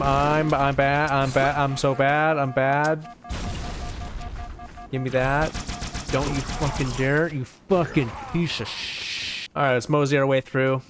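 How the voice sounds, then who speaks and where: A man hosting a let's play, giving rambling, casual gameplay commentary full of swearing and excitable outbursts. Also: medium pitch, takes it slowly, long pauses. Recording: game music in background.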